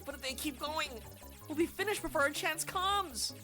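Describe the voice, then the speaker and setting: A woman voicing a small, jumpy young cub who stammers in a high, panicky voice in a fan dub of a game. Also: normal speed, sharp tone, soft background music.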